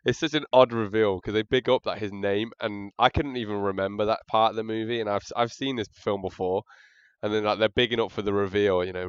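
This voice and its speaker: Male podcast co-host, lowish smooth voice, rambling laughing banter, slightly dull lo-fi sound. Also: fairly even intonation, brisk, no room sound. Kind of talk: casual chat.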